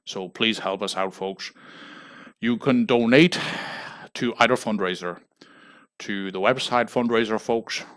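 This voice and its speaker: An Irish man making a deadpan mock fundraising appeal on a livestream, pleading and tagging "folks" onto nearly every phrase. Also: lowish voice, normal speed. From Ireland. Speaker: comedic livestreamer.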